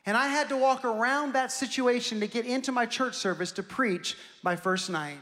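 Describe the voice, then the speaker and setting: High-voiced pastor in a reverberant hall. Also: male voice, normal speed. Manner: animated, self-mocking comic storyteller. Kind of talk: storytelling sermon with humor.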